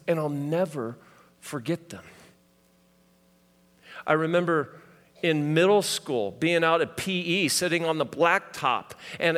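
Storytelling pastor, man, echoing hall. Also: fairly high pitch. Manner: storytelling, swings from loud to hushed. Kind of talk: sermon. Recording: hall reverb.

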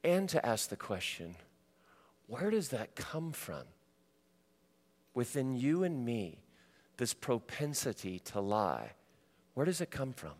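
A man preaching a sermon to a congregation, swinging from loud animated stretches to quiet, intimate ones. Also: mid-range voice, slow pace, pauses often, long reverb tail. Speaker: pastor.

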